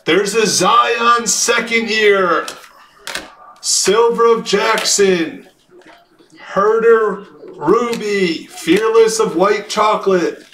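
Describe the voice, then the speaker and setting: A man hosting a live card break, calling out each card and shouting at big hits. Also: high-pitched, drawn-out words. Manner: excited, calls out card hits. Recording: echoey room with faint noise.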